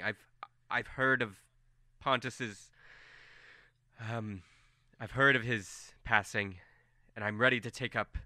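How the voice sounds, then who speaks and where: A man's voice: mid-range voice, pushed and bright, clear, resonant tone, no echo, studio quality. A man voicing an overeager, deluded young man who rambles nervously about becoming king.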